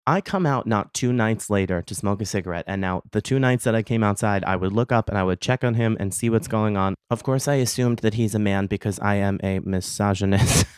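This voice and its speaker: A man's voice: fairly low pitch, a little mellow, smooth, no room sound, studio quality. A man hosting a podcast, delivering a casual comedic monologue with lots of swearing and theatrical indignation. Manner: profane, ranting, theatrically indignant. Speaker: podcast host.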